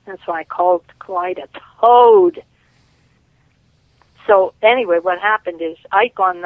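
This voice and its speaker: A woman's voice: lowish voice, fairly even intonation, normal speed, no echo. Woman caller, rambling storyteller, phone-line audio. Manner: rambling storyteller, many restarts. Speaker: caller and guest. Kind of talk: casual phone interview.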